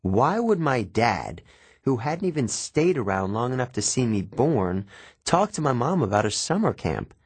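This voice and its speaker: A man narrating a first-person audiobook with measured, expressive storytelling. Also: medium pitch, breathy edge, no room sound.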